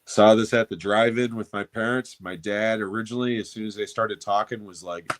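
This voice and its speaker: A man's voice: fairly low pitch, steady tone, a little fast. A man co-hosting a movie podcast, telling stories with enthusiasm and casual swearing. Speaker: podcast co-host. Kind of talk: casual chat.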